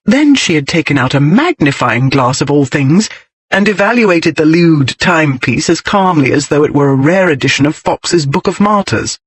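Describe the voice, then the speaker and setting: Guy reading an audiobook, lively up-and-down voice, a bit husky, dry close sound. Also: a little high, dry recording, poor audio. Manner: expressive, measured storytelling. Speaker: audiobook narrator. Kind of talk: scripted narration.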